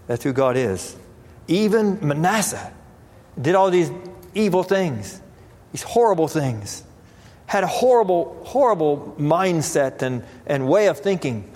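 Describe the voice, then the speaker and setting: A man's voice: a little high, very animated, a little slow, darkish tone. A man preaching a sermon, reading scripture in old-fashioned wording and repeating phrases as he builds emphasis. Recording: reverberant hall.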